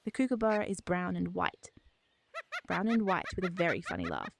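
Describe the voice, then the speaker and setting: A woman reading a scripted animal lesson for toddlers in a slow, cheerful sing-song voice, repeating words for little children to copy. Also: on the low side, very animated, creaky, noisy background. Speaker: children's video narrator.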